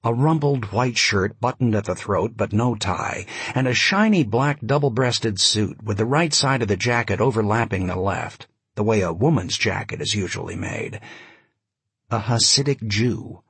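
A man narrating an audiobook in a vivid, expressive storytelling manner. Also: on the low side, moderate pace, slightly rough, no echo. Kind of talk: scripted narration.

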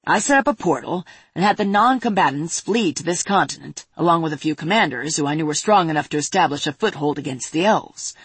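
A woman reading a storybook voices a composed sorceress who explains past events in a measured way. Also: low voice, lively intonation, husky, no room sound, heavily acted. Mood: explaining.

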